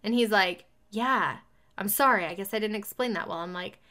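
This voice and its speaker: A woman in casual chat, telling a personal story in an animated way and acting out both sides of a conversation. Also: medium pitch, moderate pace.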